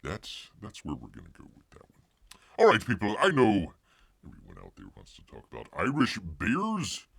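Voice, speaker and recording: A man's voice: on the low side, wildly swooping pitch, normal speed, creaky, a bit bright, slightly rough, dry recording. A middle-aged man hosting a casual live stream, rambling and joking, calling himself Bear in the third person. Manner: rambling, jokey, many fillers and restarts.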